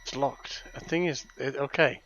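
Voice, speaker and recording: A man's voice: medium pitch, fairly even intonation, moderate pace, a bit bright, dull audio, a little hiss or hum. A man chatting casually while he plays a game, giving joking, muttered commentary as he goes. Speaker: gamer playing on stream. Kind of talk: casual gaming chat.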